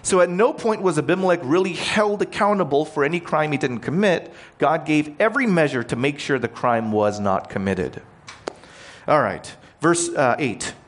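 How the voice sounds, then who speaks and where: A male preacher delivers a relaxed, conversational sermon and explains the text in plain words. His voice sits a little high for a man. It swings up and down with animated inflection. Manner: explains scripture plainly, asks the listeners questions.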